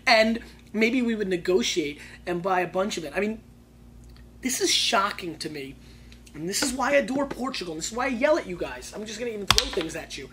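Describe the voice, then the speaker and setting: Excitable man hosting a wine tasting show. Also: high voice, brisk, background noise. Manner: excitable, loud bursts, slangy. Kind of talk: casual wine tasting review.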